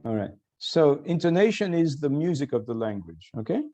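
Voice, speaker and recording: An older man lecturing online as a professor, explaining slowly and quizzing his students. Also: on the high side, very animated, dark tone. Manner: explanatory, questioning students, self-correcting.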